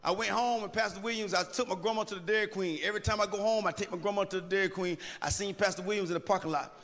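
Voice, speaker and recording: High-voiced male comic on a big stage. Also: rapid-fire. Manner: animated, playful, preachy asides. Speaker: stand-up comedian. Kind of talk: live stand-up storytelling. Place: large live comedy venue. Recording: reverberant live venue with faint room noise.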